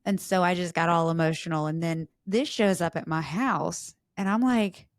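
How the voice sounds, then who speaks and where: A woman hosts a relaxed interview, talking in a lower register and bursting into high, playful quoted voices. She laughs often. The sound is dry and close, with no room around her. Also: normal speed, no echo. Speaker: podcast host. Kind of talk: casual conversational interview.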